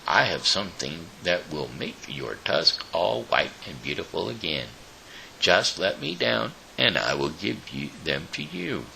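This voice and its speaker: A man voicing a polite, eager young boy adventurer in a storybook read-aloud, apologetic and quick to plead. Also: low-pitched, big pitch swings, vocal fry, bright, forceful tone, slight background noise, heavily acted, rough recording.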